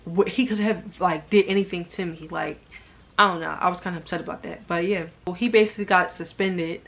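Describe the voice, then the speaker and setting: A woman's voice: fairly low pitch, fairly even intonation, fairly quick, fairly bright tone. A young woman telling a personal story to camera in a casual, rambling way, filling her sentences with "like" and sounding earnest and subdued. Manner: rambling, heavy use of "like" as filler. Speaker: vlogger.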